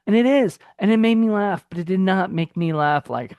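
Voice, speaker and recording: A man's voice: high voice, fairly quick, few pauses, a little mellow, clean tone, no room sound. A man co-hosting a film review podcast in casual chat. He rambles loosely, with many fillers and restarts.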